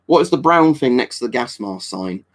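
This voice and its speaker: A man's voice: mid-range voice, expressive, normal speed. Rambling English man on a livestream. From England. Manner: rambling and offhand, with many fillers and restarts. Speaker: livestream host. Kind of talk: casual live-stream chat answering viewer comments.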